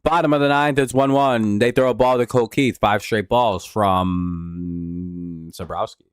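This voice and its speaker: A man's voice: on the low side, fairly even intonation, unhurried, clean tone, no echo, clean studio sound. A man hosting a live game watch-along, swearing freely and slipping into mock announcer play-by-play, a little tipsy from drinking. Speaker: livestream host.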